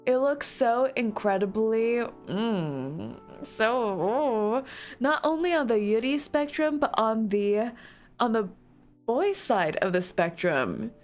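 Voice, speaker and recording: A woman's voice: a little high, animated, measured pace, darkish tone, faint music behind. A woman streamer chatting casually with her viewers, playful and giggly, breaking into squealing outbursts now and then.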